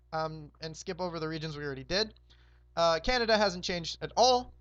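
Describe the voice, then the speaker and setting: A hoarse young man hosting a roleplay game, casually recapping the map in a rambling, laid-back way with lots of fillers. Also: on the high side, a bit bright, no room sound, lo-fi sound. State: hoarse, sore throat.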